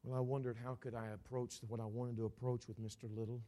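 Male preacher, mid-pitched, earnest storyteller, quiet delivery. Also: level tone, fast talker. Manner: quiet, earnest, acts out both sides of a conversation. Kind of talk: sermon storytelling.

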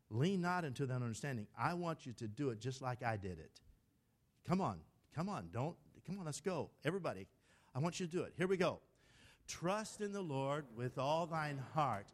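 An older man preaching a sermon from the pulpit, emphatic, urging the congregation to recite with him and shouting lines for emphasis. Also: fairly high pitch. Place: church sanctuary at the pulpit.

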